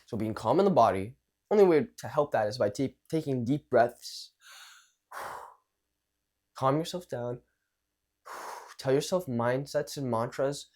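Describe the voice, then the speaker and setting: A young man coaching social skills in a casual talk, animated and acting out nervous and confident examples, with some swearing. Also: mid-range voice, moderate pace.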